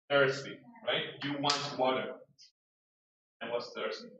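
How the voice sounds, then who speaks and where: A man's voice: medium pitch, fairly even intonation, unhurried, background noise. A man teaching an English vocabulary lesson in a classroom, reading word lists aloud and explaining words with acted examples. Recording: distant echoey classroom, dull lo-fi sound.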